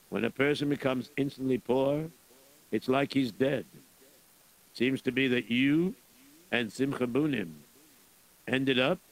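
A man's voice: medium pitch, low-quality recording. A man acting a rabbi in a radio drama, probing and insistent.

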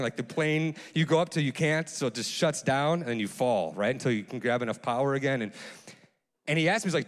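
A man preaching a sermon as pastor, telling a story in a casual, animated way, full of restarts and fillers. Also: a little high. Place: church sanctuary. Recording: long church hall reverb.

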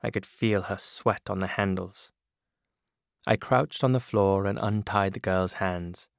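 A man narrating a novel in a measured first-person reading. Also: sits low, vocal fry, no room sound. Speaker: audiobook narrator. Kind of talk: scripted narration. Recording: dry studio booth.

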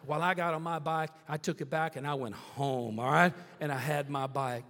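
A man preaching a sermon, telling a story with animated drama and checking in with the crowd with "all right?" and "okay?". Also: a little high, moderate pace. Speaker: pastor. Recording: long reverb of a big hall.

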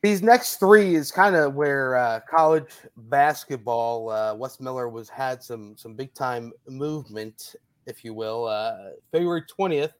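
A man's voice: mid-range voice, a little slow. Rambling man hosting a sports podcast. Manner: rambling, many restarts and fillers. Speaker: podcast host. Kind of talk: casual sports podcast chat.

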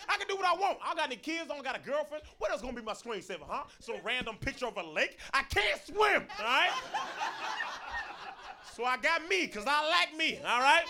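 A man's voice: extremely high pitch, sharp tone. A young man doing a stand-up comedy set, telling self-mocking stories with lots of asides to the crowd.

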